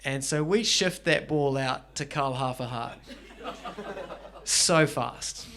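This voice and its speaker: A middle-aged man with a New Zealand accent doing stand-up comedy, telling stories with animated delivery and acting out characters. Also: mid-range voice, slow, slight background noise. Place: garage venue with live audience.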